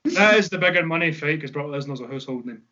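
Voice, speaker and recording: A man bantering on a podcast with dry, sarcastic humour. His voice is fairly high, and the recording sounds dull and lo-fi. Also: expressive, fast, pushed and bright. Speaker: podcast co-host. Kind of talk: casual chat. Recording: dull lo-fi audio.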